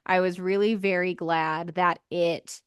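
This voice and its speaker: A woman's voice: lowish voice, unhurried, smooth, no room sound, clean studio sound. A woman co-hosting a podcast in casual chat, telling stories with acted-out quotes. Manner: animated storyteller, acts out quotes, laughs often. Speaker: podcast co-host.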